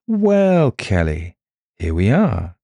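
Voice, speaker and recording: A man voicing a smooth, coaxing charmer who is secretly a murderer. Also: on the low side, huge pitch swings, takes it slowly, dark tone, no echo, pitched above the performer's own voice, heavily acted. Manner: smooth and coaxing, then nervous. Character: smooth, menacing male charmer turned murderer.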